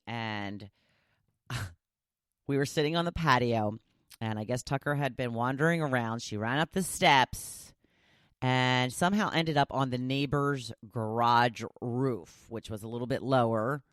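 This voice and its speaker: A woman's voice: very deep voice, dry recording, studio quality. A woman hosting a solo podcast, chatting casually and animatedly, often laughing as she talks. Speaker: podcast host.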